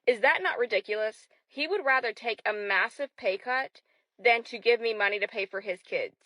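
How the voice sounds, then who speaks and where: Woman, divorced mom venting, indignant, bright, dry recording. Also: fairly high pitch, normal speed, dry recording, poor audio. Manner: indignant, complaining. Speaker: divorced mother. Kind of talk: casual venting to camera.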